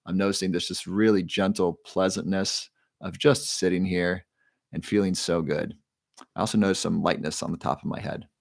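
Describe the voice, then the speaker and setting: Low-voiced man answering a live chat. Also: normal speed, creaky, no room sound, studio quality. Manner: relaxed, guides breathing, reads chat names aloud. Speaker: livestream host. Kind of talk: casual livestream talk, answering chat.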